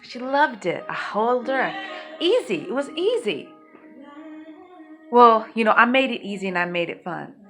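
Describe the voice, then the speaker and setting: Woman, raw and emotional storyteller, rambles and swears, slightly high voice, soft music underneath. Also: very animated, measured pace, long pauses. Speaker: mother telling her life story.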